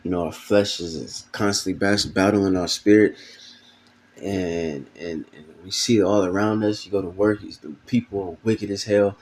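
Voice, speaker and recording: A man's voice: sits low, fairly even intonation, normal speed. A man giving an informal video sermon, casual and profane, full of fillers, reading scripture aloud between comments. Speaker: preacher.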